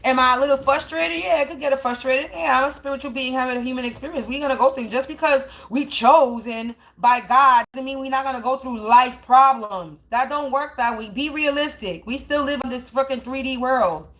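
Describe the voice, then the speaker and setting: A woman's voice: sits high, fairly quick, few pauses, a bit bright. A woman in a spiritual live stream, ranting in a profane, confrontational, rambling way while smoking, her mouth dry.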